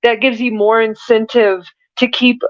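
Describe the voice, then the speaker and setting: A woman's voice: fairly high pitch, level tone, unhurried, no echo, highs cut off. A woman hosting a podcast, giving a spiritual reading in an earnest, preachy manner that rambles with restarts. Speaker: spiritual reader and podcast host. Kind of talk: channeled spiritual message monologue.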